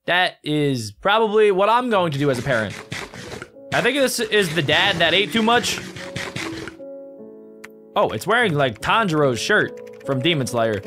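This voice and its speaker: A man hosting a casual reaction video, talking in an excitable, playful way. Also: on the high side, a little slow, pauses often, over music. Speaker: YouTube reaction host.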